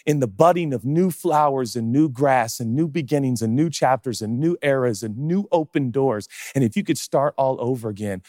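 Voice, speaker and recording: A pastor preaching on stage, impassioned, dropping to a hush and then rising loud, firing off rhetorical questions. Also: male voice, medium pitch, dry recording, clean studio sound, long reverb tail. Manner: impassioned, swinging between hushed and loud; rapid-fire rhetorical questions. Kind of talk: sermon. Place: on stage in a large hall.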